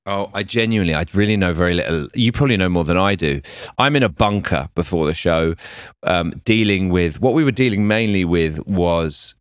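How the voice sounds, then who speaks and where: A middle-aged English man, a TV executive producer, talking in a casual interview with a slightly croaky, tired voice and chatty storytelling. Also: deep voice, brisk, no room sound. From England.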